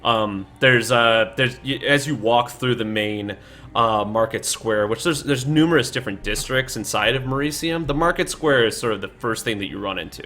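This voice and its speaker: A man's voice: medium pitch, normal speed, bright, forceful tone. A man running a tabletop game as dungeon master, narrating casually with lots of fillers and offhand swearing. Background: faint game soundtrack.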